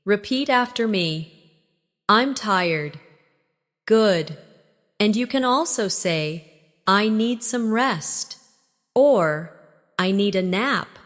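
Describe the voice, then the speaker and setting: A woman teaching everyday English phrases in a scripted lesson, giving slow, clear prompts for the listener to repeat. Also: mid-range voice, lively intonation, fairly bright tone, big-room sound.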